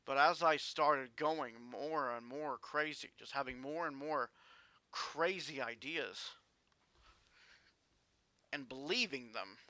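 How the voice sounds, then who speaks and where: A man vlogging a personal story in an earnest, halting way with frequent restarts. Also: mid-range voice, bright, forceful tone, dry recording.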